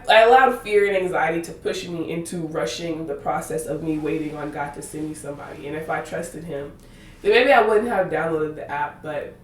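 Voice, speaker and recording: A woman's voice: fairly low pitch, far from the mic. Twenty-something woman rambling on her faith podcast, laughs a lot, kinda teary, echoey room. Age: 20s. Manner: rambling, laughing, goes off on tangents. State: close to tears. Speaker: podcast host. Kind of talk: casual faith podcast monologue. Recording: roomy echo, voice slightly off-mic.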